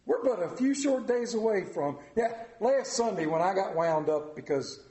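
High-voiced man preaching dramatically. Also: expressive, moderate pace, warm tone. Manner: dramatic storytelling with big swings in pitch and volume. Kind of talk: sermon. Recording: echoey room.

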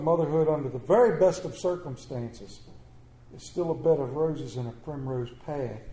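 A man's voice: fairly high pitch, mellow, echoey room. A man preaching a sermon, telling stories with humor and calling for responses. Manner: storytelling with humor, call and response. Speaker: pastor.

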